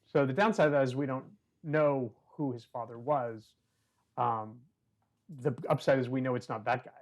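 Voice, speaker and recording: A man of medium pitch chats as a guest on a conversation podcast and tells long personal stories. His talk is loose and full of "you know" and restarts. He acts out the voices of the people in his stories and throws in dry, self-mocking jokes. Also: moderate pace. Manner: chatty, many "you know" fillers, acts out quoted voices; wry, self-deprecating humor. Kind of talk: casual conversational storytelling.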